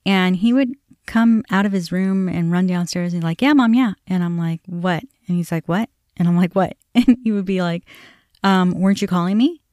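A middle-aged woman with a fairly low voice tells a personal story on her podcast, candid and conversational. She slips into remembered back-and-forth dialogue as she goes. The sound is dry and close, with no room behind it. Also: moderate pace, darkish tone, no room sound. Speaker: podcast host.

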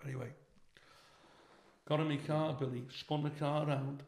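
A brash older man with a Liverpool accent tells profane stories with lively energy. His voice is gravelly and fairly high, and it rings in an echoey room. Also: normal speed. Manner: brash, profane, animated anecdote-telling. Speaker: comedian, guest. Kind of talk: storytelling in a casual interview.

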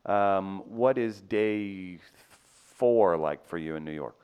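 A man's voice: low-pitched, slow pace, clear, resonant tone, highs cut off. A man hosting a talk show, teasing his co-hosts in casual banter and steering the segments along. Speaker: radio show host.

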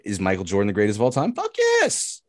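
A man's voice: on the low side, very fast, a little mellow, no echo, clean studio sound. A man hosting a casual sports podcast, ranting hotly with swearing and repeated phrases. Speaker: podcast host.

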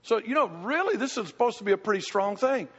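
An older pastor answers his congregation's questions in a church Q&A, telling animated stories and acting out quoted voices. His voice is high, fast, and slightly rough, and the hall recording sounds muffled.

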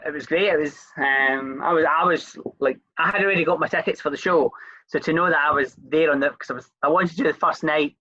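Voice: medium pitch, pushed and bright, no room sound, muffled recording. A Scottish interview host chatting casually, rambling a little with fillers and restarts.

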